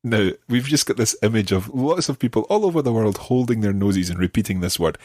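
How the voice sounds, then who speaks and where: A middle-aged man runs a friendly, guided podcast language lesson as its host and teacher, patiently explaining and demonstrating pronunciation. His voice is lowish and darkish in tone, animated and a little fast, recorded with no room sound.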